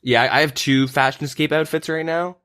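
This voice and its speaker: With a slightly high voice and a clean tone, a young Canadian man hosts a gaming podcast at a moderate pace. He chats loosely and relaxed, often saying "like" and "um." The recording is dry, with clean studio sound.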